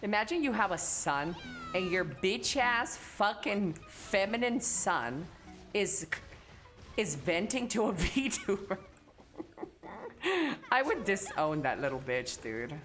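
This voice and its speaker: A young woman streams and talks straight to her chat, crude, teasing and quick to joke. Her pitch swings freely from phrase to phrase. Faint music plays behind her. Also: sing-song, a bit bright. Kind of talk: casual live-stream chat.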